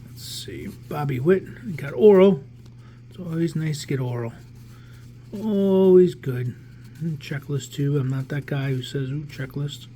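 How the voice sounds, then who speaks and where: A man in his forties from around New York, speaking unhurriedly with a higher-than-average voice, opens a card pack for his vlog. He's loose and rambling, restarting sentences mid-thought, and a little hiss or hum runs underneath.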